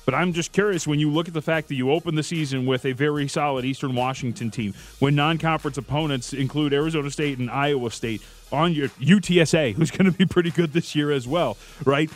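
A man co-hosting sports talk radio, with a voice a touch higher than most men's. He laughs easily and talks his points through at length, over a faint music bed. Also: a little fast.

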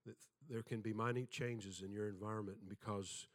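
A man's voice: lowish voice, fairly even intonation, a little fast. An older man preaching a sermon, telling folksy stories with self-deprecating humor and acting out the voices in them.

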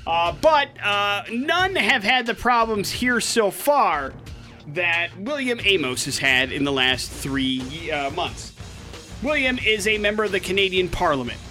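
A man hosting a radio show, telling news stories as a lively storyteller with joking asides. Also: high-pitched, a little slow, faint music behind. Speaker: radio host. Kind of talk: casual radio banter. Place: radio studio.

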